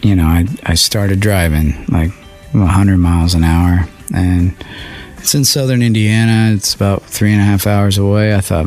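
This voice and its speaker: A man being interviewed as a songwriter, recounting a painful memory in an earnest, halting way with many fillers. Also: low voice, fairly even intonation, a little mellow, soft background music. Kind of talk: emotional interview storytelling.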